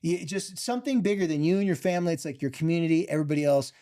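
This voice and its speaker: A man and former football player telling a personal story in an animated, heartfelt way. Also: fairly high pitch. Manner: animated, heartfelt, fast bursts. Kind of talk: emotional storytelling.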